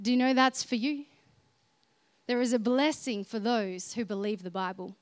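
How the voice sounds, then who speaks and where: Earnest high-voiced woman preaching. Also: fairly even intonation, normal speed, smooth, no room sound. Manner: earnest, swings between soft and emphatic. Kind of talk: sermon.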